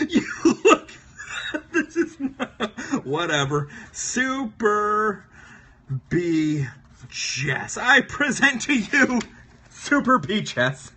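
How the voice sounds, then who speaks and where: A giggly man hosts a drawing livestream, chatting playfully with viewers. His voice sits high, with a bright, edgy tone and a husky grain. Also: sing-song, very slow, long pauses. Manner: giggly, playful, laughs often. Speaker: livestream host. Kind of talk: casual chat while drawing on a livestream.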